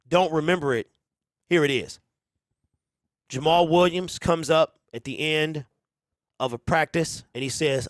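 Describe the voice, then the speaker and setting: A man's voice: fairly high pitch, no room sound, studio quality. A man hosting a sports talk show, giving rambling, conversational commentary with emphatic opinions.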